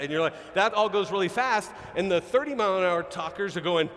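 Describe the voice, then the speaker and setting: A man giving an energetic live seminar talk as a sales trainer, peppering his points with "okay?" and "right?". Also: a little high, quick pace, hardly any pauses. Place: large event hall. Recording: reverberant event hall.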